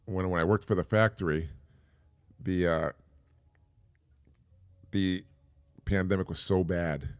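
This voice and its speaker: Middle-aged man, very low voice, dry close sound, loose rambling podcast talk with restarts. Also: no room sound. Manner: rambling, with many restarts and repeated words. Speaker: podcast host. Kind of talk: casual monologue.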